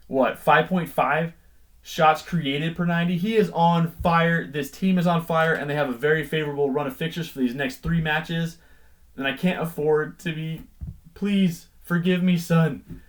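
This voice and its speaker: A young man hosting a fantasy football video, talking through his team picks in a casual, jokey way with self-deprecating asides. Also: on the high side. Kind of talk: casual team-selection commentary.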